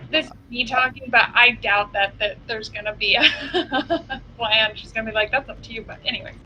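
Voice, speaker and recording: A woman joins a tabletop role-playing session with casual, quick asides. Her voice is high and bright, and faint background noise sits behind it. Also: rough recording. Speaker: player.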